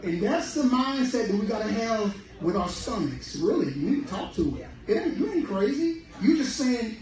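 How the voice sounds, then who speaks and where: A high-voiced man preaches about health, animated and emphatic. He is heard from a distance in a very echoey room. Faint noise sits under his voice. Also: normal speed, hardly any pauses, crowd noise. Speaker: speaker on fruitarian health. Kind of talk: sermon-style health talk.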